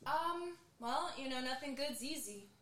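A woman's voice: high voice, animated, measured pace, reverberant, very noisy. A woman appearing as a guest on a talk show, chatting in a playful way. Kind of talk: casual talk show chat.

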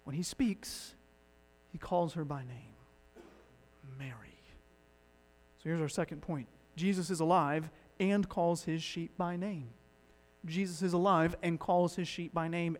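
A man preaching a sermon as pastor, swinging between loud emphatic lines and hushed ones. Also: on the high side, steady tone, measured pace. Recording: long hall reverb.

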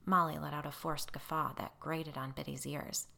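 A woman's voice: level tone, moderate pace, vocal fry, pushed and bright. A woman reading a ghost story aloud as narrator, lifting her voice for the characters' lines. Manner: voices characters with raised pitch and lowered narration tags. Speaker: audiobook narrator.

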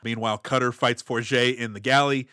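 A man co-hosting a movie podcast, giving analytical, measured critique in casual chat. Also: medium pitch, fairly even intonation, sharp tone, clear, resonant tone, dry recording, studio quality. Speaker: podcast co-host.

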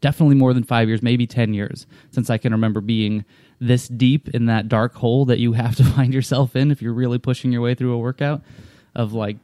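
A man's voice: medium pitch, fairly even intonation, brisk, mellow, no room sound, clean studio sound. A man in casual chat, telling a long story in a rambling, profane way with frequent restarts. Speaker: storyteller in a conversation.

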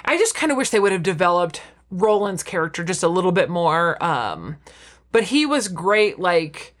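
A woman's voice: lowish voice, normal speed. A woman chatting casually as a podcast co-host, retelling scenes with acted-out quotes and frequent laughter. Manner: animated storytelling, acting out quotes, laughing often. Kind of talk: casual chat about a TV show.

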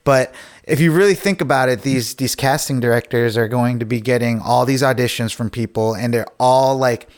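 A young adult man talks as a guest on a podcast, in an easygoing, meandering way. His voice sits at an ordinary middle pitch. He pads nearly every thought with "like" and "you know". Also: moderate pace. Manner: rambling, heavy with "like" and "you know". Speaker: actor guest. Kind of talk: casual podcast chat.

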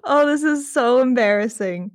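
A woman's voice: high-pitched, animated, normal speed, no echo, clean studio sound. Chatty young woman podcaster. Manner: chatty, self-deprecating, laughs often. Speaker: podcast host. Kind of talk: casual chat.

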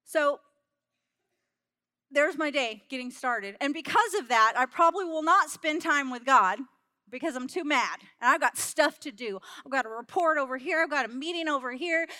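High, bright-voiced woman preaching. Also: expressive, normal speed, dry recording. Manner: candid, self-mocking, storytelling; laughs between lines. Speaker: church speaker. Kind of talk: sermon with personal anecdote.

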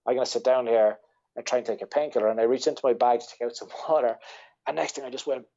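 A man's voice: mid-range voice, steady tone, fast talker, warm tone, highs cut off. Irish man telling a rambling, sweary story. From Ireland. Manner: rambling, swears freely, laughs through the story. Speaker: podcast guest, ultra-runner. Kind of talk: casual storytelling interview.

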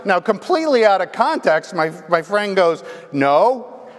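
A man's voice: high voice, unhurried. A male pastor preaching a sermon in a conversational storytelling manner, often checking in with the congregation. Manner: conversational, animated, asks the congregation "right?". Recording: long reverb from a large hall.

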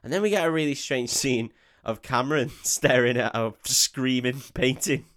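A man's voice: mid-range voice, moderate pace, a bit bright. A young man co-hosting a casual film podcast, swearing freely, mocking, and dropping into silly voices and hummed tunes. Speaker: podcast co-host. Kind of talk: casual film review chat.

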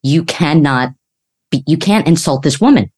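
A man's voice: fairly high pitch, lively intonation, normal speed, a little mellow, husky. A woman voicing a matter-of-fact male pet store owner in a spoken joke. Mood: stern.

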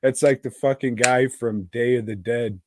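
A man's voice: mid-range voice, fairly even intonation, normal speed, noisy background. A man co-hosting a podcast in casual chat, rambling and teasing with crude language. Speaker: podcast co-host.

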